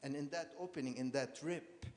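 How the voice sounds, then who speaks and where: A man's voice: fairly high pitch, a little fast, darkish tone, a little hiss or hum. A man from Lebanon giving a personal storytelling talk as an artist, hesitant, repeating words and using many fillers. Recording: long hall reverb.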